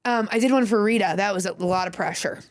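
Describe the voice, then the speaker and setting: A woman's voice: medium pitch, quick pace, no room sound. A woman comedian, a guest on a podcast, telling rambling stories with frequent giggles. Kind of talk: casual chat, storytelling.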